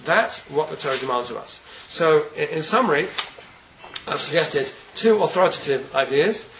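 A man giving a Torah lecture, earnest and deliberate, often repeating words while he searches for the next phrase. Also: a little high, lively intonation, background noise. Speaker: rabbi giving a Torah class.

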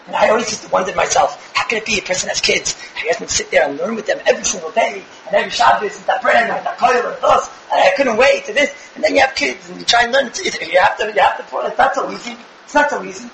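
A young man giving an animated religious lecture to a live audience, firing rhetorical questions with bursts of shouting. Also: sits high, quick pace, gravelly, few pauses, echoey room, background noise. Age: young adult. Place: room with an audience.

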